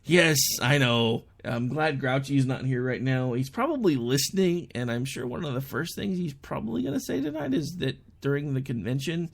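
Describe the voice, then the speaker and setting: A young adult man hosts his own talk show in a casual, chatty monologue. His pitch swings widely as he tells stories, and his voice carries a gravelly fry. When he quotes other people, he pushes his voice higher. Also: animated, normal speed, hardly any pauses.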